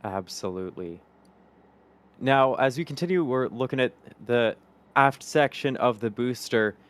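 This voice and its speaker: A man's clear, resonant voice, medium in pitch and fairly bright, comes at a measured pace as he hosts a livestream. He reads out super chats and thanks supporters in a cheerful way.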